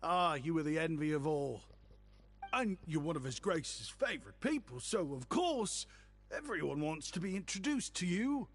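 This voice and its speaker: Polite english shop boy, flowery and humble, lively ups and downs, soft music behind. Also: fairly high pitch, normal speed. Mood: flattering. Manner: flowery, overly courteous speech. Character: young male shopkeeper, eager, humble and polite. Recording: game audio with faint music behind.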